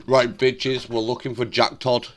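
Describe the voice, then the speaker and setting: A man's voice: medium pitch, level tone, unhurried, noisy background. A young British man streaming a ghost-hunting game with friends, swearing freely and calling everyone mate. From Britain. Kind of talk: casual gaming stream chat.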